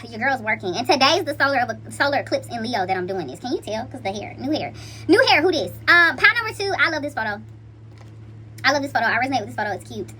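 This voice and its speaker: A high, bright-voiced woman hosts a casual tarot reading and chats to her viewers in a playful, slangy way. Her pitch swings up and down with lots of life. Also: a little hiss or hum. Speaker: intuitive card reader.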